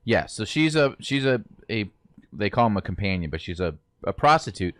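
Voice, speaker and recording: A man casually chatting as a movie podcast co-host, rambling in an animated way. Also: on the low side, normal speed, no echo, clean studio sound.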